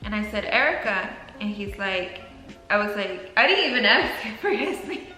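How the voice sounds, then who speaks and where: Bright-voiced young woman in an echoey room. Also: medium pitch, brisk. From Mexico. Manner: animated, laughing, acts out quotes. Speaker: vlogger telling a story with her partner. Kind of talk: casual storytime chat. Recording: echoey room, faint music.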